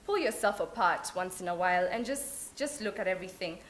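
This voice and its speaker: A young Kenyan woman giving a lively motivational talk at an open day, mixing in Swahili phrases. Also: on the low side, brisk, slight background noise. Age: young adult. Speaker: alumna speaker. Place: event hall at an open day.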